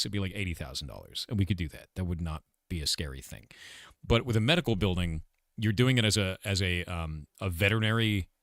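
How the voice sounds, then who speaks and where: A man's voice: fairly low pitch, a bit bright, no room sound, clean studio sound. A man casually chatting with his livestream audience, rambling and blunt, swearing now and then. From United States. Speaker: streamer and game developer.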